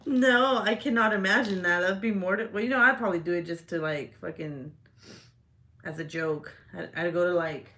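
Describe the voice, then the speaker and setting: A woman's voice: fairly low pitch, steady tone, moderate pace, fairly bright tone. A woman hosting a casual livestream chat, laughing often and swearing freely as she reacts to comments. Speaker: livestream host. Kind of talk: casual live-stream chat.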